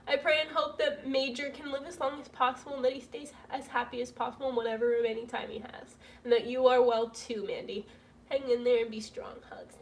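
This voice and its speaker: A young woman with a high voice chats casually to her viewers, moving between soft gratitude and excited squeals. She sounds emotional and gushing, often laughing through tears. The mic sits a little away from her. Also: fairly quick, distant mic. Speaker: vlogger reading donation messages. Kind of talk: casual livestream chat. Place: home room with roof work banging.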